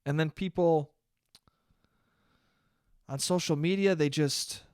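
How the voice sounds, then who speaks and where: A man's voice: fairly high pitch, slow pace, darkish tone, smooth, no room sound, studio quality. A young man hosting his own solo podcast, ranting with lots of swearing and mocking quotes. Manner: ranty, profane, mocking put-on poet voices. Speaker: podcast host. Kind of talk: solo comedic rant.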